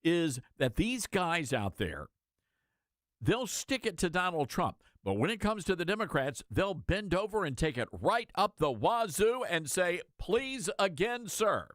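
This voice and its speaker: A male talk radio host giving sarcastic, animated commentary with mocking asides. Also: on the high side, unhurried, dry recording, studio quality.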